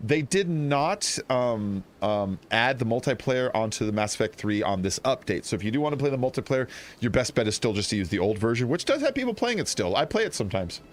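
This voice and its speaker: A man chatting excitedly while streaming a video game, rambling and laughing often. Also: medium pitch, brisk, a little hiss or hum. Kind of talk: casual gameplay commentary.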